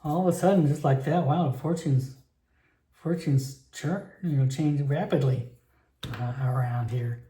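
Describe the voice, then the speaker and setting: A man's voice: on the high side, measured pace, dark tone. A man playing a solo tabletop game and narrating it in a rambling, chatty way, full of fillers and restarts, recorded in an echoey room.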